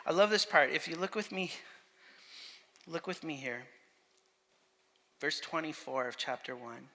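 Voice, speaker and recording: A male pastor preaching a sermon in a conversational, animated way, asking the congregation questions. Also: high-pitched. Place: church sanctuary. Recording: reverberant church hall.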